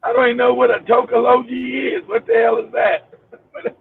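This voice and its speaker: A man with a hoarse, nearly gone voice, gravelly and pitched high, talking bluntly in casual chat. He comes through a tinny, phone-like line with a faint hiss behind him. He teases his co-host. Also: flat delivery, fairly quick. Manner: teasing, blunt. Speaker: show co-host.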